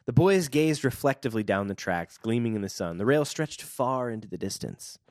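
Co-host, male, lively read-aloud voice with big swings in pitch, dry close sound, keeps breaking into chat. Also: normal speed, dry recording. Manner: animated, laughs often, lively reading. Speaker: podcast co-host reading a book aloud.

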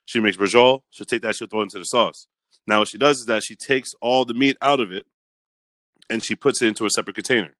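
Man, podcast co-host, lowish voice, bright tone, dry close sound, animated banter. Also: quick pace, no room sound. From New England. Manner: animated, argumentative, explains at length. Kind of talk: casual banter.

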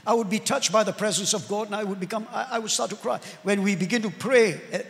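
A man's voice: high voice, creaky, a bit bright. A man preaching a sermon as pastor, earnest, drawing out key words and calling for amens. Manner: earnest preaching with drawn-out emphatic words and calls of amen. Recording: long hall reverb.

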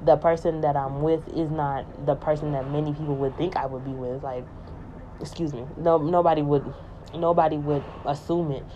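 A woman with a low, mellow voice rambles through a casual spiritual monologue, leaning hard on her points and repeating them. The recording sounds slightly dull, with faint ambience behind her. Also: little pitch movement, moderate pace, a little hiss or hum. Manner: rambling, emphatic, repeats herself.

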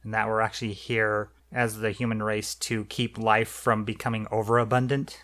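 A man co-hosting a podcast in relaxed casual chat, steering the talk into each topic. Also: on the low side, normal speed. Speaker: podcast co-host.

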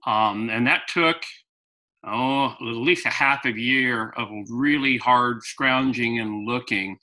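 A man who is a guest in an interview, telling an animated anecdote and often restarting his sentences. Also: mid-range voice, slow pace, poor audio. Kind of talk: storytelling in conversation.

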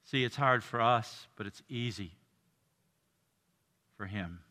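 An older man preaching a sermon as pastor, earnest, dropping soft and low and then rising to emphatic lines. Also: slow, big-room sound. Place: church.

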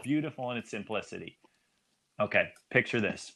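A man's voice: fairly low pitch, expressive, normal speed, gravelly, fairly bright tone. A man guest on a podcast, chatting casually and telling a hypothetical story, with frequent ums and restarts. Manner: hesitant, many ums, storytelling. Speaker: guest, former soccer player.

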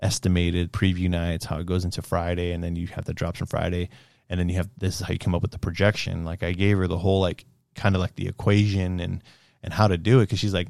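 A young man casually reviewing a movie, rambling and animated, with fillers and swearing. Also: sits low, fast, gravelly, no echo.

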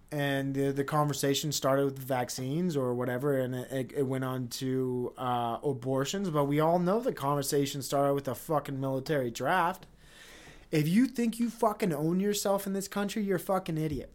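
Profane ranting male podcaster. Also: fairly high pitch. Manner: profane, heated, rambling with restarts. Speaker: podcast host. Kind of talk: unscripted stream-of-consciousness rant.

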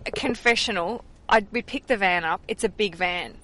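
A woman's voice: medium pitch, moderate pace, pushed and bright. A young Australian woman hosting a podcast, chatting casually and laughing easily, recorded in a car. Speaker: podcast host. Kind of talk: casual chat.

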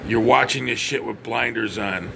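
Gravelly, profane man ranting. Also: mid-range voice, moderate pace, background noise. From United States. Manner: profane, blunt, stammers and restarts. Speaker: podcast host. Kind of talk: opinionated podcast rant.

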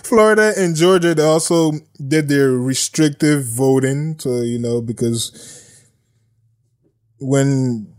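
Male podcast host, unhurried drawl, sarcastic and blunt, riffs on headlines with repeated phrases. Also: mid-range voice, darkish tone. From United States. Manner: blunt, sarcastic, repeats himself, laughs at own jokes. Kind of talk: casual news commentary.

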